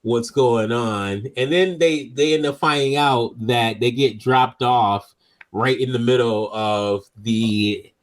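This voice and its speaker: A man's voice: medium pitch, takes it slowly. A man hosting a movie review show in casual chat, laughing often, swearing freely and searching for words.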